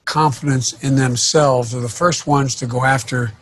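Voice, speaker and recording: An older man who stutters, talking in a halting, paced way with many restarts as a panelist on a video call. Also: mid-range voice, steady tone, fairly bright tone, slight background noise. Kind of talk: casual conversation on a video panel.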